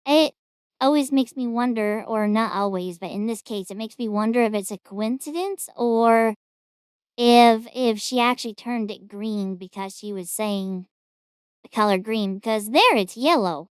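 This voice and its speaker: Chatty woman reacting, smooth dry voice. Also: fairly high pitch, a little slow, no echo. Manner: chatty, rambling, amused. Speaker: reaction streamer host. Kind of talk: casual reaction commentary.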